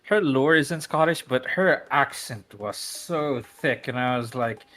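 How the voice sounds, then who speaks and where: Relaxed man rambling in casual chat. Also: medium pitch, a little slow, soft background music.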